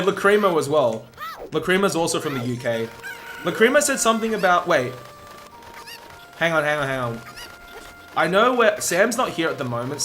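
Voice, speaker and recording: A man's voice: on the high side, fairly bright tone. An Australian man, a speedrun streamer, chatting casually and rambling as he answers his live chat.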